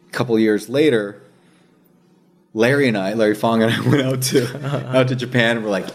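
Animated, slangy male storyteller. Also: mid-range voice. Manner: animated, slangy storyteller who swears and says dude and bro; acts out others' words in quick asides. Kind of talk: casual storytelling chat.

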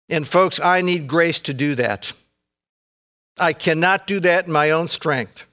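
A man's voice: sits high, expressive, measured pace, fairly bright tone. A man preaching a sermon, talking conversationally and emphatically, with frequent asides to the congregation. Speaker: pastor.

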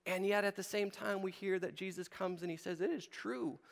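A man's voice: sits high, level tone, fairly quick. A middle-aged male pastor giving a conversational sermon, asking the room questions and acting out short quotes. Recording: long hall reverb.

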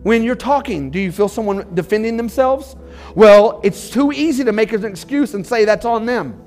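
High-voiced man preaching, music faint behind. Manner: emphatic, calls out to the congregation. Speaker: pastor. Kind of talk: sermon. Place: church.

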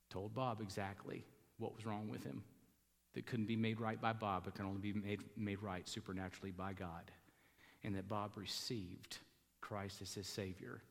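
A man's voice: fairly low pitch, vocal fry. A middle-aged man with a Southern US accent preaching a fiery funeral sermon from a church pulpit. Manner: fiery, building to loud preaching peaks. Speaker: pastor. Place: church sanctuary. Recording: long hall reverb.

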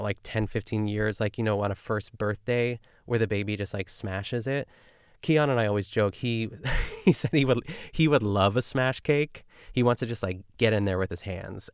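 Man, podcast host, casual chat, rambling, gravelly, lowish pitch. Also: no room sound, clean studio sound. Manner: rambling and chatty, full of fillers and tangents. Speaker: podcast host recapping a cooking show.

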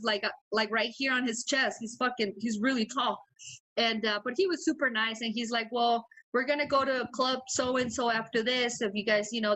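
A woman's voice: fairly high pitch, poor audio. A young woman co-hosting a podcast, telling a rowdy story in casual chat, swearing freely and acting out quotes. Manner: animated, swears a lot, acts out quotes. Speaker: podcast co-host.

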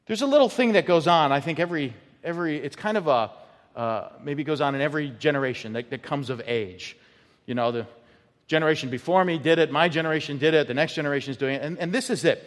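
A man's voice: a little high, expressive, quick pace. A man preaching a sermon as pastor, emphatic and often repeating his words as he builds a point. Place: church sanctuary. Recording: long hall reverb.

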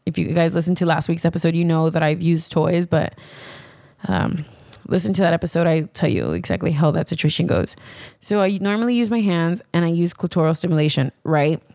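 A woman's voice: on the low side, fairly quick, vocal fry, mellow, no room sound, studio quality. A young woman hosting a candid podcast, telling a story in a chatty, profane way, full of "like" and acted-out quotes. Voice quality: frank and profane. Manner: chatty, heavy on "like", acts out quotes. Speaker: podcast host.

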